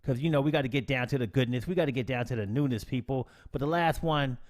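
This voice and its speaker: A man hosting a live stream tutorial, greeting his chat with lively slang before the software rundown. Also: mid-range voice, fast talker, hardly any pauses. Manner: animated, slangy shout-outs to chat. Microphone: desk mic, no camera.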